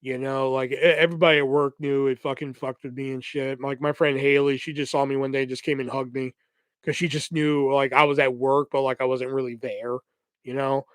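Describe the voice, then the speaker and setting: A man's voice: medium pitch, brisk, clean tone, no room sound. A young man hosting a podcast, telling a long story in casual, profane speech and acting out the quoted lines of the people in it. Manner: profane, animated retelling with quoted voices. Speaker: podcast host.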